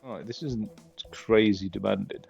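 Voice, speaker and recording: A man's voice: lowish voice, steady tone, moderate pace, vocal fry, darkish tone, highs cut off, soft background music. A man giving casual gameplay commentary, rambling and joking with wry asides as he plays. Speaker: gaming video host.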